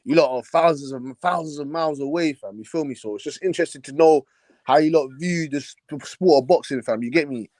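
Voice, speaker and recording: A man hosts a casual live chat, eager and heavy on slang. His voice sits a little high, and the sound is dry and close, with no room echo. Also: fairly quick, a little mellow. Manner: eager, slangy, repeats "you get me" and "fam". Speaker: host.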